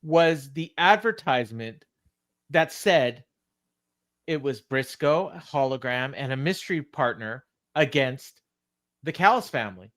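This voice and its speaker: A man co-hosting a wrestling recap podcast, talking in a blunt, exasperated way. His voice sits a little high for a man. He keeps the tone casual and chatty as he walks through each segment. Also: sing-song, unhurried. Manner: blunt, exasperated, reads segments aloud with impressions. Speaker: podcast co-host.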